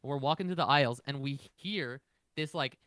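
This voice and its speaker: Young male podcast co-host, blunt and profane rambler, mid pitch, dry close sound. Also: normal speed, a bit bright, dry recording. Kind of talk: casual chat.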